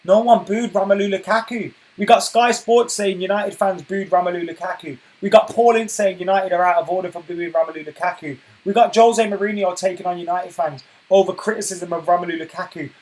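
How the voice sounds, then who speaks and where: A man hosting a casual football live stream, chatting and reading viewer comments aloud, getting loud and worked up when he rants. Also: high-pitched, fairly even intonation, fairly quick, few pauses, rough recording. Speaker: football channel host reading live chat.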